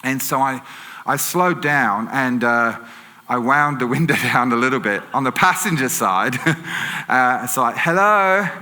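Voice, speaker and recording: An English man preaches like he's telling a story to friends, with fillers and quick self-corrections. His voice is bright and forward, and it rings out in a church hall with a long echo. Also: mid-range voice. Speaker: pastor. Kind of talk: sermon. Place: church auditorium.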